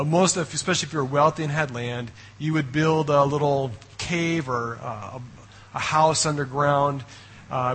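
A male pastor telling a story in a sermon with lively, conversational energy, often tossing in "okay?" and "right?". His voice sits a touch high and sounds bright and forward, with a husky grain. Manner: animated storytelling.

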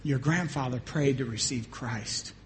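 A pastor from the United States telling a personal story in a sermon. He acts out the dialogue and often drops to a hushed voice. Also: mid-range voice, a little slow, a little hiss or hum.

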